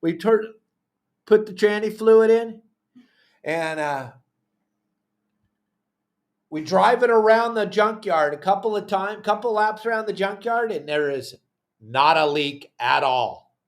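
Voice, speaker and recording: A man's voice: high-pitched, slow pace, pauses often. A man with a Southern Californian accent, casually telling a long story on a podcast and acting out what others said. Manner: animated, acts out quotes of others.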